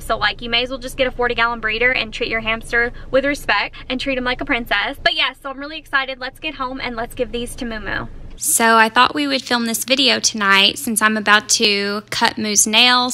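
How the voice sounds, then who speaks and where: A young woman with a high, light voice talks straight to her handheld camera in a bubbly vlog style. She gushes over small cute things, moving from her car to a pet shop and home. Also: pushed and bright, slight background noise. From southern United States. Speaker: vlogger. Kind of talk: casual vlog chat. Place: car and pet store, then home couch.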